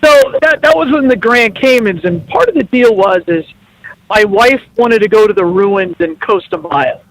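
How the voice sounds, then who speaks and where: A man's voice: sits high, lively intonation, moderate pace, a bit bright, no room sound, rough recording. A middle-aged man, a guest on a radio show, telling playful, teasing stories in casual chat. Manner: jokey storytelling, playful teasing. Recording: radio broadcast.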